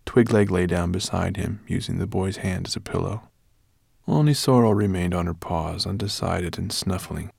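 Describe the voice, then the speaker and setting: Low, gravelly-voiced male audiobook narrator. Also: moderate pace, darkish tone.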